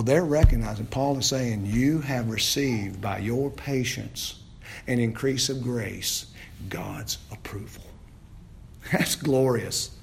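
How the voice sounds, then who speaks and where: A man preaching an expository sermon as pastor, asking the congregation questions, repeating phrases and rising to loud, emphatic peaks. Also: medium pitch, slight background noise.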